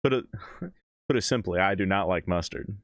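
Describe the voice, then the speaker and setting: Male reaction streamer, fairly low voice, dry close mic, relaxed rambling chat with chuckles. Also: normal speed, no room sound. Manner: laid-back, chuckling, rambling asides. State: talking with mouth full. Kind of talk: casual live-stream chat.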